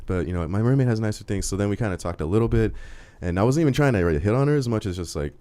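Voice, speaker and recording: A young man in his twenties, co-hosting a comedy talk show, rambles through a story with lots of fillers and acts out the quotes. His lowish, mellow voice is animated and very fast, with few pauses.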